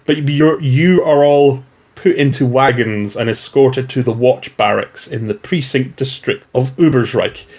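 Rambling game master, slightly muffled. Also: male voice, mid-range voice, measured pace, a little mellow. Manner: rambling, with fillers and restarts. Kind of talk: narrating a tabletop game.

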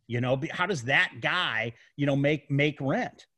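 A man's voice: medium pitch, unhurried, sharp tone, dry recording. Emphatic man, dry close sound. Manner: emphatic, repeats words, asks rhetorical questions. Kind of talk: casual podcast discussion.

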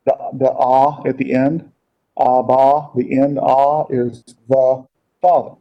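A man teaching a casual Bible class, talking in a halting way with many fillers and repeated words, on a dull lo-fi recording. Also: mid-range voice, level tone.

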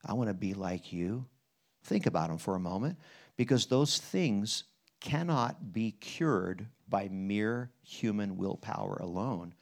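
Animated low-voiced man preaching a sermon. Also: a little slow. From Pennsylvania, US. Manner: animated, jumps between quiet and loud in retelling, folksy asides; leads the room in prayer, asks listeners questions. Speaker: guest preacher. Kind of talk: conference sermon with storytelling.

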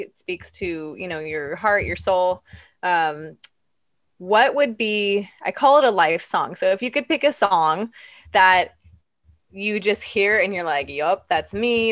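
Low-voiced woman co-host, dry sound. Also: no echo. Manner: warm, explains questions at length with fillers. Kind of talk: casual interview chat.

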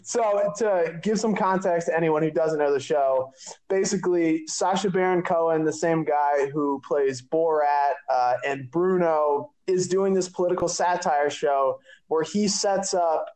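A man's voice: on the high side, measured pace, darkish tone. A young man co-hosting a casual chat with friends, explaining context and steering the topic. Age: young adult. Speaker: podcast co-host.

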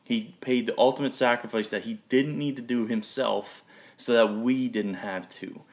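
A man's voice: mid-range voice, fairly even intonation, normal speed. A young man preaching a sermon in a conversational, earnest way. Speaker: pastor.

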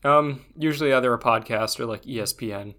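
A man co-hosting a podcast, talking in an animated way and getting heated when he argues a point. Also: medium pitch, a little fast. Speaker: podcast co-host. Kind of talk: casual chat.

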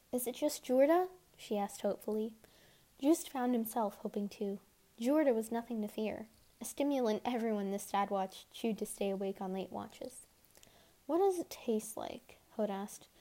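A woman reading a novel aloud as an amateur audiobook, quick, giving the characters softly shifted voices. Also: fairly high pitch. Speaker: audiobook reader.

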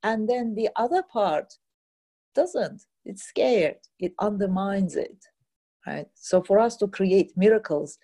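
A woman teaching a guided healing session, slow and soothing, leading phrases for others to repeat. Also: mid-range voice, warm tone, slightly rough.

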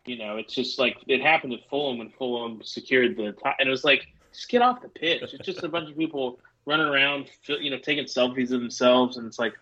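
Husky, blunt man with a sharp tone. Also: medium pitch, fairly quick, few pauses, dull audio. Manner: blunt, exasperated. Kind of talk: casual chat.

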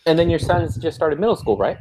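A man's voice: a little high, expressive, quick pace, a little mellow, slight background noise. A man co-hosting a podcast in casual chat, telling loose, profane stories full of fillers. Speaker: podcast co-host, school principal.

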